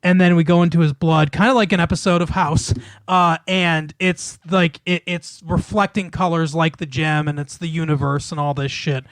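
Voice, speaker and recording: A man's voice: on the high side, fairly even intonation, normal speed, a bit bright, no room sound, clean studio sound. A man in casual chat, retelling a film's plot in a rambling way, with many fillers and restarts and frequent laughs. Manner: swears casually. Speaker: podcast co-host.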